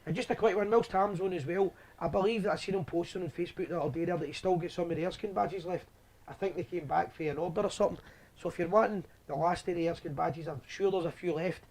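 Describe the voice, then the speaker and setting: A man's voice: high-pitched, fast, a little mellow. A Scottish man hosting a live fan show, chatting and telling stories in a rambling way. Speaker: host. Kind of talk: casual live show chat.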